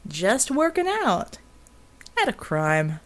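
A woman's voice: on the low side, big pitch swings, unhurried, a bit bright. A woman voicing a cocky young male acrobat who talks with a sneering, mocking edge.

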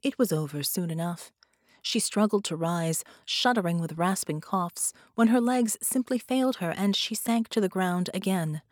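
A woman narrating a dramatic superhero audiobook in a measured, storytelling manner. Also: lowish voice, no room sound, studio quality.

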